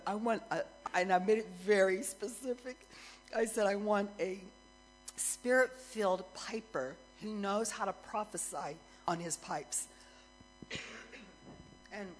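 A middle-aged woman worship minister telling a lively story as part of a sermon, getting more excited and louder as it goes. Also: mid-range voice, low-quality recording. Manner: animated storyteller, grows excited and loud, laughs.

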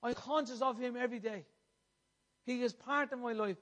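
A man's voice: extremely high pitch, normal speed, fairly bright tone. A man preaching a sermon in an impassioned way. He repeats phrases and puts questions to his listeners.

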